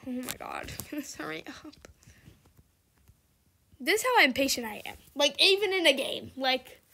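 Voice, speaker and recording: A woman's voice: high-pitched, animated, normal speed, sharp tone. A young woman giving casual, exclamatory commentary while playing a game, often frustrated and laughing. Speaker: gamer.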